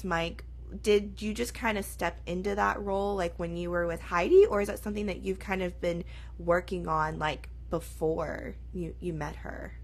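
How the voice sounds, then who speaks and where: A woman's voice: on the low side, creaky. A woman hosting a podcast, asking enthusiastic, rambling questions. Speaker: podcast host. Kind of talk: interview questions.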